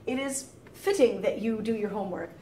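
A woman's voice: mid-range voice, brisk, warm tone, a little hiss or hum. A woman teaching French in a casual video lesson, chatty and rambling, acting out quoted thoughts and laughing easily. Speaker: French tutor.

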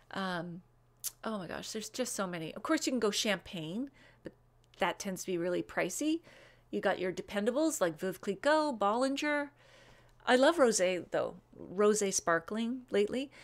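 A woman hosts a live online wine show in a loose, chatty way. She gushes over bottles, rattles off tasting notes and answers viewers' comments as they come in. Her talk is full of little "um"s and quick asides. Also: medium pitch. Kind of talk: casual live-stream chat, reading viewer comments.

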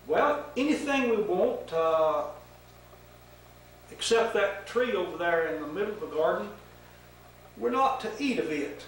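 A man's voice: high voice, animated, unhurried, pauses often, a little hiss or hum. An older man raising his voice to play an innocent, cheerful young woman who gushes eagerly and naively, in an echoey room with the mic set far off. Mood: earnest.

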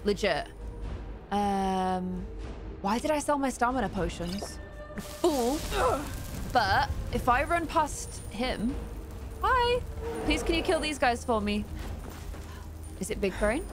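A woman's voice: a little high, animated, slow pace, pauses often, music in the background. A young woman giving chatty, playful let's-play commentary into a desk mic, with giggly exclamations. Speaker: gaming streamer.

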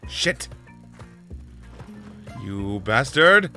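A man's voice: medium pitch, sing-song, drawn-out words, pushed and bright, soft background music. A man chatting casually while streaming a game live, offhand and swearing at the game now and then.

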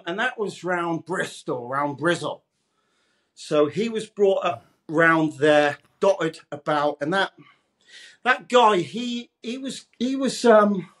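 A man's voice: high voice, fairly bright tone. A man from Leeds, a radio presenter chatting as a guest in a casual interview, laughing easily and calling the host mate. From Leeds, England. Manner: chatty, laughs often, calls everyone mate.

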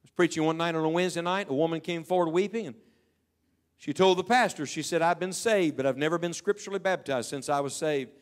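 Man preaching with a fairly high voice. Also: fast talker. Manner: storytelling preaching, quoting people in hushed tones. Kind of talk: sermon.

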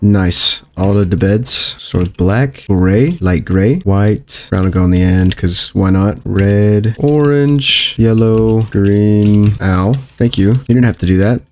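Upbeat young man narrating gameplay. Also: fairly low pitch. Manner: upbeat, chatty, thinks aloud with quick exclamations. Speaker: gaming YouTuber. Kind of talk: casual gameplay commentary.

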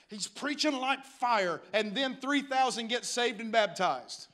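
A male pastor preaching with a high, bright, ringing voice. He tells the story with dramatic swings, drifting down to a hush and then climbing to a shout. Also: expressive, unhurried, hardly any pauses. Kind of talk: sermon.

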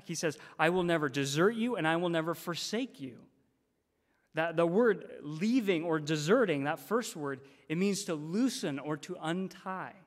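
A man preaching in a church, his fairly high voice carried by a long hall reverb. He talks emphatically and repeats key phrases for stress. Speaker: guest preacher. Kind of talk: sermon. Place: church sanctuary.

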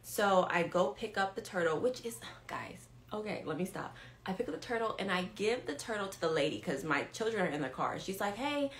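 Lady ministry leader on a live stream, animated, repeats stuff for emphasis, keeps asking viewers if they're with her. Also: mid-range voice, brisk, a little hiss or hum. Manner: talks straight to viewers, asks if they follow. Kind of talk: live-stream devotional storytelling.

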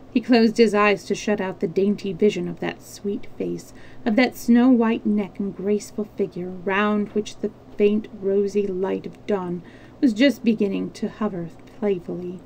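Gravelly woman reading a story aloud. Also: medium pitch, slight background noise, low-quality recording. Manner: expressive reading with small slips and restarts. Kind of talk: reading a novel aloud on a live stream.

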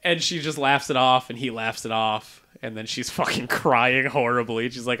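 A man's voice: mid-range voice, moderate pace, few pauses. A man co-hosting a podcast, casually retelling a manga chapter and acting out the characters' lines, swearing freely. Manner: animated retelling with quoted voices, swears casually. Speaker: podcast co-host.

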